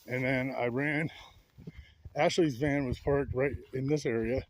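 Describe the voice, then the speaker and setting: A man's voice: mid-range voice, steady tone, measured pace, a little hiss or hum. A man casually walking through a property outdoors, recounting events in a rambling, restarting way while pointing out spots. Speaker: vlogger recounting an incident. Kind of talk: casual walkthrough narration.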